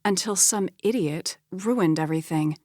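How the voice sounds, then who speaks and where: A woman's voice: fairly low pitch, moderate pace, a little mellow, dry recording, studio quality, lightly acted. A woman reading an audiobook, voicing an earnest, apologetic young woman. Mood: pleading. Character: spirited, apologetic young twin sister.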